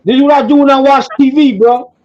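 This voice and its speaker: A man hosting a podcast, telling a story in an excitable, profane way and repeating himself. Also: extremely high pitch, fast, muffled recording, slight background noise. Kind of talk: animated casual storytelling.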